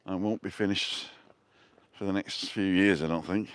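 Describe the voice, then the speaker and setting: A man's voice: sits low, steady tone, normal speed, smooth, no room sound. A middle-aged man with a Manchester accent, chatting casually and rambling through asides while filming on a seaside walkway. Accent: Manchester English. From North West England. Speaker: vlogger. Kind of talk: casual walking vlog.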